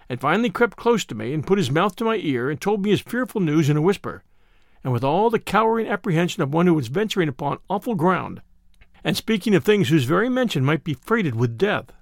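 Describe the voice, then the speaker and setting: A man's voice: on the high side, no echo, clean studio sound. A man narrating a classic novel in a theatrical, brash first-person voice. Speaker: audiobook narrator.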